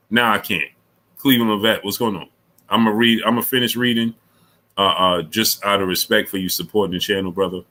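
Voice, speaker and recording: A middle-aged man hosting a casual live stream, reading super chats, repeating himself and climbing high when he argues. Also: poor audio. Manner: animated, repeats himself, rises sharply when arguing.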